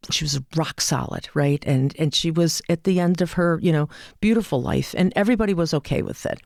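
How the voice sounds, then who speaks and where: A woman speaking as a guest in an interview, an animated storyteller who acts out quoted dialogue. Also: low voice, dry recording, clean studio sound. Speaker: hospice and palliative care advocate. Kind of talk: interview conversation.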